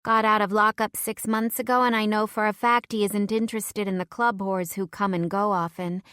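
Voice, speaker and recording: A woman reading an audiobook, voicing a friendly, bubbly young woman at a biker party in a raised, brighter voice. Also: medium pitch, fairly even intonation, normal speed, clear, resonant tone, no echo, clean studio sound, voice pushed up, lightly acted. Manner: eager, chatty.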